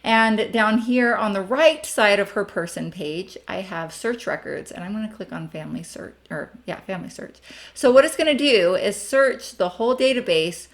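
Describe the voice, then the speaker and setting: A woman's voice: medium pitch, moderate pace. A young adult woman giving a chatty, friendly screen-share tutorial as a family history instructor, with frequent ums.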